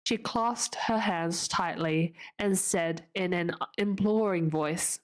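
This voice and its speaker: Woman reading a novel aloud. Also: lowish voice. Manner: unhurried, plain, with small slips and restarts. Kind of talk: casual read-aloud narration.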